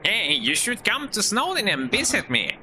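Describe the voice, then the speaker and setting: A man's voice: high-pitched, huge pitch swings, moderate pace, background noise, pitched above the performer's own voice. Man putting on Papyrus, a nasal skeleton. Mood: eager. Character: cheerful nasal skeleton man, eager and goofy.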